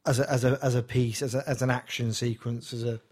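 A man's voice: mid-range voice, level tone, a little fast, a little mellow. A man giving a casual film review, hesitant, with many restarts and dry humor. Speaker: podcast guest reviewer.

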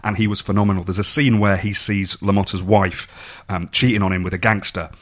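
A man's voice: low-pitched, level tone, fairly quick. A man in casual conversation, recounting film details in an informative way. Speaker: podcast co-host.

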